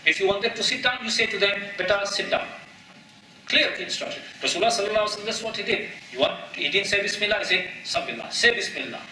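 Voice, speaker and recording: A man's voice: high voice, animated, rapid-fire, hardly any pauses, bright, forceful tone, a little hiss or hum. A man preaching in a mosque, emphatic, asking rhetorical questions and repeating key phrases, with Arabic terms mixed in. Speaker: imam giving a mosque talk. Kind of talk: sermon. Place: mosque prayer hall. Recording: echoey hall, voice from a distance.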